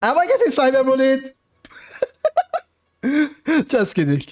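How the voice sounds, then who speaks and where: Man, Persian accent, game streamer, lively swooping pitch, unhurried talk, laughs a lot, faint music behind. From Iran. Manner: laughs often, playful banter with chat. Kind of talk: casual game livestream chat.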